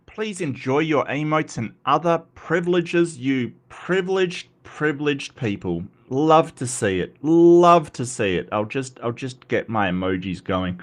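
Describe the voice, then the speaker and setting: Animated, slow-talking male streamer. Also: medium pitch. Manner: animated, stammering repeats, greeting chat by name. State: just woken up. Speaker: livestream host. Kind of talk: casual live-stream chat.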